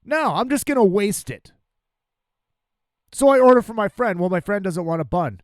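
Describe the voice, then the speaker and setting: A podcast host ranting angrily and profanely about a restaurant, full of exasperation. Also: male voice, high-pitched, normal speed, long pauses, no echo, clean studio sound.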